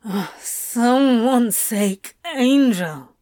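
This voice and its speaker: A woman voicing a sly male demon who pleads in a slow, breathy, drawn-out voice. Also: a little high, expressive, mellow, no echo, clean studio sound. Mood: pleading.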